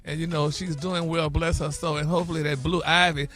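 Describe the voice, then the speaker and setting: A man's voice: a little high, flat delivery, a little fast, fairly bright tone, faint music behind. A man delivering a celebrity gossip segment on morning radio, flamboyant and theatrical, saying honey and y'all constantly.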